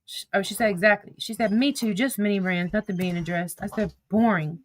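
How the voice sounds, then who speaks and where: A woman with a Southern accent hosts a livestream, speaking briskly in a mid-range voice. She chats casually, tells stories, curses freely and reads text messages aloud.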